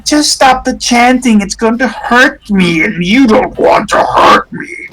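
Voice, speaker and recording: A woman's voice: a little high, expressive, a little slow, fairly bright tone, voice pushed up, low-quality recording. A man voicing a spirit disguised as a young ex-girlfriend, pleading desperately and trying to tempt the listener. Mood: wheedling.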